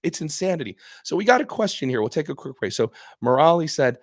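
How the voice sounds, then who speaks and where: A man's voice: on the high side, sing-song, fast, no echo, studio quality. A man hosting a casual live stream as a doctor, talking earnestly and with emphasis, often repeating and restarting his phrases. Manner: acts out patient voices in quotes. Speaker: psychiatrist host answering viewer questions.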